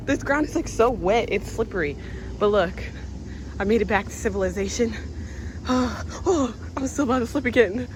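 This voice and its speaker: Over a noisy background, a woman in a slightly high voice vlogs on a handheld phone while walking a nature trail. With lively intonation and a moderate pace, she talks directly and nervously to her viewers about her fear.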